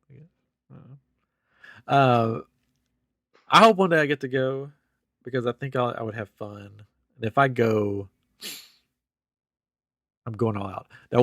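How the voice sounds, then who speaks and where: Male podcast host, mid pitch, dry booth sound, animated casual storyteller. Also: gravelly, no echo. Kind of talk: casual chat.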